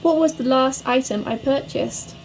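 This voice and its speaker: A young woman from England answering viewer questions in a chatty, bubbly way, speeding up when she gets excited. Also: high voice, moderate pace, slight background noise. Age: young adult. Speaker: vlogger. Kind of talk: casual to-camera Q&A.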